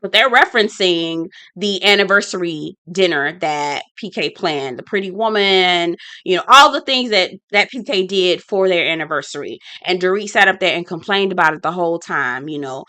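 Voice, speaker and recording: A woman's voice: on the low side, animated, moderate pace, few pauses, bright, forceful tone, dry recording. A woman hosting a casual reality-show review vlog, blunt and sassy, talking straight to her viewers and repeating her points for emphasis. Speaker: reality TV recap host.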